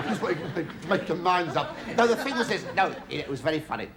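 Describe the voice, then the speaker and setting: In a slightly high voice that swings widely in pitch, a middle-aged English comic talks fast with almost no pauses. His camp, gossipy monologue to a studio audience is packed with stammering restarts and cries of "oh, yes," and the live crowd's laughter is loud.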